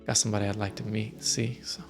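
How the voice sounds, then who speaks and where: An American man who lives in Norway chats casually indoors as a streamer host, telling travel stories in a friendly, rambling way full of fillers. His mid-range voice moves fairly quickly over soft background music.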